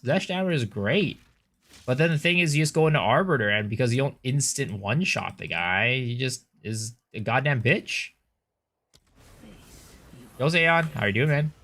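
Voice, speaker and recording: A man's voice: medium pitch, fairly bright tone. A man streaming a game, chatting casually with his viewers and giving loose, blunt opinions, with some swearing. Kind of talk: casual livestream chat while gaming.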